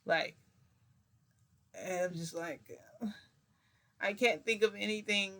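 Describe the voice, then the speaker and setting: A woman's voice: mid-range voice, slow, pauses often, sharp tone. Giggly rambling woman vlogger. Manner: rambling, giggly, confessional, with many fillers. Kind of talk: casual storytime vlog.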